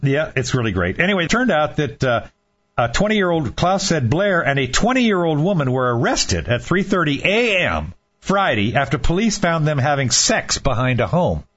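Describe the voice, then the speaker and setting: A man hosts a casual comedic podcast and reads out odd news stories in a chatty way. His voice sits a little high and swings widely, with a husky edge. The recording sounds dull and lo-fi. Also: sing-song, normal speed, a bit bright. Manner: chatty, laughs through his own stories. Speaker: podcast host.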